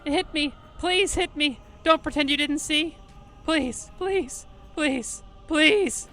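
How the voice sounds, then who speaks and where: A woman's voice: high voice, slow, fairly bright tone, pitched above the performer's own voice, exaggerated voice. A woman voicing a guilt-stricken woman from a game who frantically apologizes and begs to be punished. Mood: pleading. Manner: pleading, frantic, repeating apologies.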